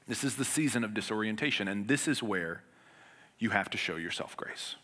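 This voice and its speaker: A man preaching a sermon as pastor. He talks in an earnest, conversational way with everyday humor, swinging between loud emphatic passages and hushed ones. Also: on the low side, lively intonation, a little fast.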